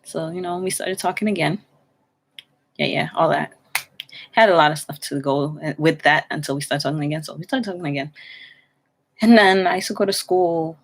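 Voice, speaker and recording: Low-voiced young woman, rambling storyteller. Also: moderate pace, long pauses, a little hiss or hum. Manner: rambling, meandering, with many fillers and restarts. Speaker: vlogger. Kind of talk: casual storytelling.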